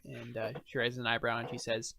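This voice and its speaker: A man's voice: mid-range voice, completely flat delivery, fairly quick, gravelly, bright, forceful tone, a little hiss or hum. A man narrating as game master in a tabletop game, casual and hesitant, with many fillers.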